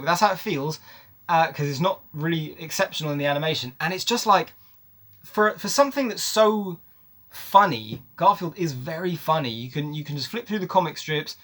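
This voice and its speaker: Ranting man reviewing a film, high-pitched. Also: fairly bright tone. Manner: emphatic, ranting, repeats words for stress. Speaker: movie reviewer. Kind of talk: casual opinionated film review.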